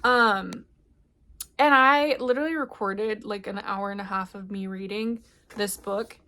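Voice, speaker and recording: A young woman chatting casually about a book she read, animated and full of fillers. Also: mid-range voice, unhurried. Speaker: book reviewer. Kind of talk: casual vlog book review.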